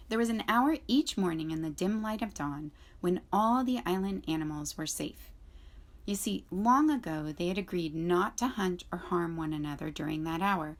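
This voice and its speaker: A school librarian reading a children's novel aloud to students, clear and expressive. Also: female voice, fairly low pitch, moderate pace. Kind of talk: children's book read-aloud.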